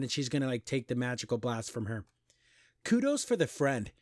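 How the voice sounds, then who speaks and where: A man hosting a podcast, recapping and criticizing an animated pilot in casual, exasperated commentary with mocking quoted voices. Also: medium pitch, a little fast, no echo, clean studio sound. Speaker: podcast host reviewing an animation.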